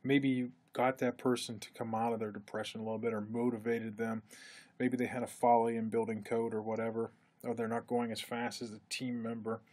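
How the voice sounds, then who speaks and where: Husky-voiced man giving a casual lecture. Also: flat delivery, fairly quick, a little mellow. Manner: conversational, acts out quoted speech with lifted pitch. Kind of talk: recorded lecture.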